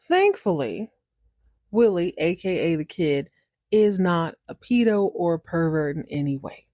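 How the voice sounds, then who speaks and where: A woman hosting a podcast, recapping a TV episode in a chatty, animated way and acting out the characters. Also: fairly low pitch, measured pace, dry recording, clean studio sound. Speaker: podcast host.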